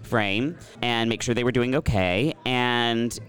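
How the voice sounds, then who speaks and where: A man's voice: medium pitch, slow, fairly bright tone. A man co-hosting a podcast, telling a story in a loose, rambling way with plenty of restarts. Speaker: podcast co-host. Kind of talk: casual chat.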